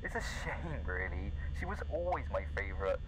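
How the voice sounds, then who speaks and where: A man's voice: on the low side, big pitch swings, a little fast, background noise. A man as a joking phone-message guide. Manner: joking, chatty, confiding. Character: teasing adult male night-shift phone guide. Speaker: phone guy in a fan horror game.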